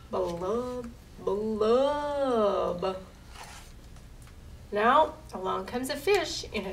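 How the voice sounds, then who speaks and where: A woman librarian reading a picture book aloud at storytime, in a slow rhythmic rhyme, recorded from a distance in a library with faint noise. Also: mid-range voice, gravelly. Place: public library.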